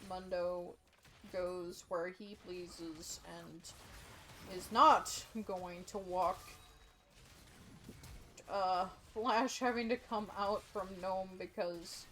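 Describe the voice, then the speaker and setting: Slow-talking woman casting esports. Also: mid-range voice, a little hiss or hum. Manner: sleepy, yawning, casual play-by-play. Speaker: esports caster. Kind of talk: live esports commentary.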